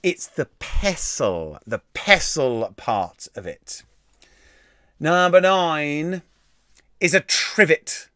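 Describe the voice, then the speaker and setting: Man, live-stream quiz host, casual swearing, slightly high pitch, dry sound. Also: fairly bright tone, no room sound. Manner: chatty, swears casually, laughs at himself. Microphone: desk mic.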